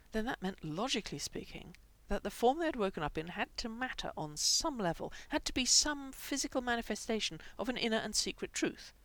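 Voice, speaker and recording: A woman reading fan fiction aloud with expressive, animated narration. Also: a little high. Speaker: reader.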